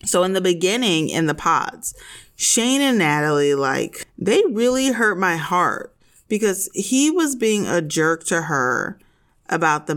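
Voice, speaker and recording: Woman podcast host, opinionated and animated, very lively intonation. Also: on the low side. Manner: animated, opinionated, sassy asides. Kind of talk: casual TV recap chat.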